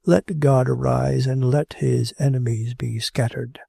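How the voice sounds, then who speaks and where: A man's voice: mid-range voice, steady tone, unhurried, vocal fry, mellow, slightly rough, no echo, clean studio sound, exaggerated voice. A man voicing a middle-aged ascetic monk who speaks earnestly and reproaches himself, reading an audiobook. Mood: praying. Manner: earnest, self-reproaching inner speech.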